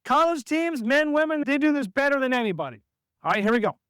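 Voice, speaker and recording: A man coaching a basketball practice, giving instructions and calling out drills to players, sometimes acting out what they should shout. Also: extremely high pitch, very animated, fast, no room sound, studio quality.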